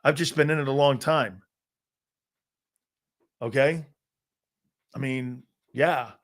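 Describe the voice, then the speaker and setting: A man's voice: mid-range voice, fairly even intonation, takes it slowly. A man in his fifties hosting a sports talk show, telling brash, boastful stories full of restarts and acted-out quotes. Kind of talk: casual sports talk storytelling.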